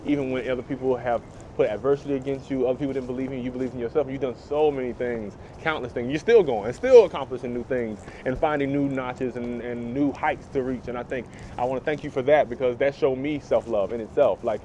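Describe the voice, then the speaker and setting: Man, young adult, heartfelt rambling talk, lots of fillers, mellow tone, faint hiss. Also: medium pitch, quick pace. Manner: sincere, rambling, many fillers. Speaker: host speaking to his mother. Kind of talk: heartfelt conversation.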